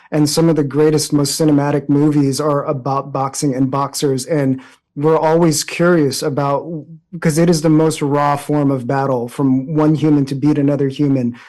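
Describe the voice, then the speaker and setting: A man's voice: on the high side, dark tone. A man answering interview questions in a reflective, casual way, with frequent fillers and restarts. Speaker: interview guest.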